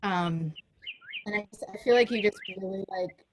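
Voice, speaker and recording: A woman in her fifties gives a birthday toast over a video call, her voice choked up with emotion. She talks haltingly, with many ums and restarts. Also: medium pitch, slight background noise. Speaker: friend giving a birthday toast.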